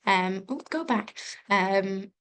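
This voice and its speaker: A young woman tutoring exam revision off the cuff, pausing often with ums and restarting her sentences. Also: mid-range voice, expressive, fairly bright tone, clear, resonant tone. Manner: hesitant, many ums and restarts. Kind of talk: unscripted exam revision lesson.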